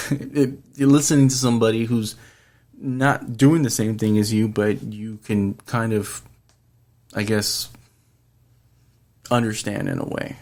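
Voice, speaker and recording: A man's voice: fairly low pitch, flat delivery, measured pace, gravelly, long pauses, a little mellow. A man hosting a podcast, talking earnestly and rambling in casual chat, swearing freely. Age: adult, past his twenties. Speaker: podcast host.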